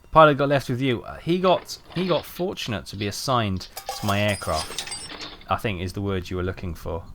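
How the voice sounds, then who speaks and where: A man's voice: fairly low pitch, brisk, noisy background. A British man giving chatty, rambling live commentary while streaming a game, with dry joking asides.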